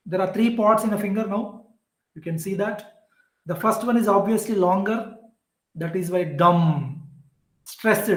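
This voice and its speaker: A man's voice: sits high, roomy sound, low-quality recording. A man teaching an exam-prep literature lecture, explaining patiently and repetitively with frequent "uh" fillers. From southern India.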